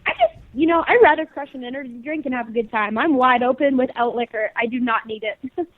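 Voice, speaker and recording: A Canadian woman co-hosting a casual radio show, energetic and slangy, laughing easily. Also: sits high, brisk. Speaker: co-host. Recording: tinny phone line.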